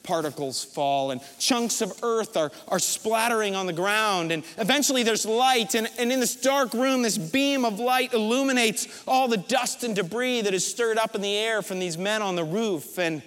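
A man preaching a sermon as a pastor, retelling a scene as a vivid story and pausing often for drama. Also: sits high, a bit bright. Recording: long reverb from a large hall.

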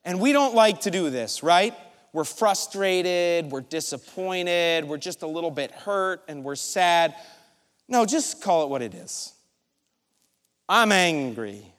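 Animated high-voiced male preacher. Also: a little slow. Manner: animated storytelling, acting out his own thoughts. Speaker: pastor. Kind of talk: sermon with personal story. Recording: large hall reverb.

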